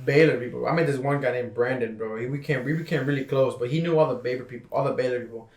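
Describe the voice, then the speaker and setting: A young man in his twenties telling a personal story in a casual podcast chat, relaxed and full of slang and fillers. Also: medium pitch, very fast. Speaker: podcast guest.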